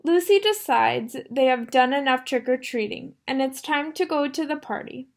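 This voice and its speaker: A woman teacher reading a picture book aloud to young children, animated, gasping and asking them questions. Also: high voice, moderate pace. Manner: animated storyteller, gasps, asks the children questions.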